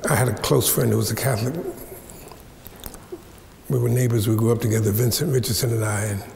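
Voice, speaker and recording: Old preacher guy lecturing, folksy stories, gravelly, echoey room with faint murmur behind. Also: medium pitch, a little mellow, slight background noise. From United States. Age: 70s. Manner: folksy storyteller, playful asides, stretches words for effect. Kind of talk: storytelling lecture. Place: seminary lecture hall. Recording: echoey hall with long reverb.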